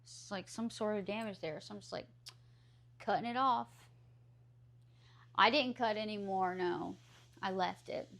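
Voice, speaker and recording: A woman's voice: mid-range voice, a little slow, gravelly, long pauses, fairly bright tone. A woman with a Southern US accent, chatting casually with her live stream viewers and answering their questions aloud.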